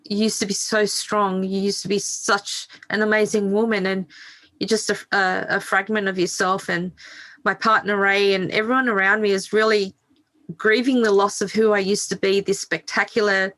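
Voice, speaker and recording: A woman's voice: medium pitch, level tone, moderate pace, fairly bright tone. A middle-aged woman speaking as a podcast guest, telling her own story frankly and swearing freely. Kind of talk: candid interview storytelling.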